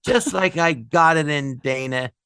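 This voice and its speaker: A middle-aged man co-hosting a podcast, telling animated stories and slipping into quick character voices. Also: a little high, clean tone. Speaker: podcast co-host. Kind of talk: casual chat.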